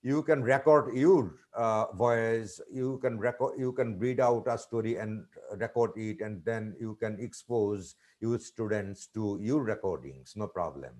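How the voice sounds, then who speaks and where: A man's voice: on the low side, unhurried, few pauses, a little mellow. Bangladeshi-accented man explaining patiently. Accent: Bangladeshi English. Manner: explanatory, reassuring, frequent restarts. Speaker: webinar presenter, English teaching expert. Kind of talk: answering questions in an online webinar. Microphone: video call.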